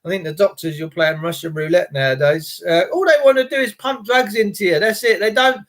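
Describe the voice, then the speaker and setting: A middle-aged man hosting a casual live stream, greeting viewers by name, his voice worn from a recent flu and broken by throat clearing. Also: sits high, fairly quick, fairly bright tone. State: recovering from flu, voice cracking. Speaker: livestream host.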